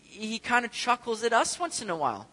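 Bright-voiced male preacher in a reverberant hall. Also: very high voice, huge pitch swings, brisk. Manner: conversational preaching with rhetorical questions. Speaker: pastor. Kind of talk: sermon.

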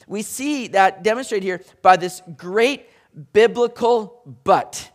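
A man preaching a sermon in an animated, conversational way, sometimes acting out voices. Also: sits high, measured pace. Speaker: pastor.

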